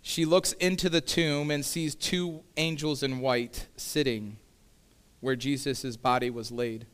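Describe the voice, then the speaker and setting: A man's voice: mid-range voice, steady tone, takes it slowly, clear, resonant tone. A male pastor delivering a sermon in a conversational, casual way, with frequent asides to the congregation.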